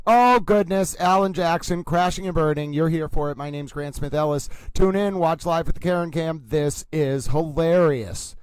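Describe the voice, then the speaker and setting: A man hosting a live trial reaction show, with over-the-top exclamations that burst into shouts like a boxing announcer, calling out to his viewers. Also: a little high, dry recording. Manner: repeats catchphrases, addresses viewers directly. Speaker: host, trial commentator.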